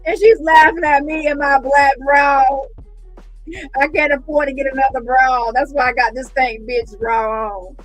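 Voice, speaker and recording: A woman's voice: fairly low pitch, measured pace, soft background music, voice pushed down, low-quality recording. A woman mocking a fake-sobbing crybaby woman. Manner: fake crying, whiny. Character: sobbing crybaby woman, self-pitying and bossy.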